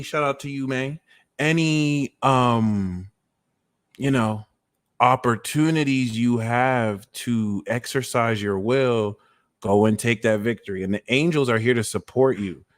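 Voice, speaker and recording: Slow, slangy man on a tarot livestream. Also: mid-range voice, dry recording, studio quality. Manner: shouting out viewers' locations, loose and slangy. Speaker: tarot reader hosting a livestream. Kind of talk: casual live-stream chat.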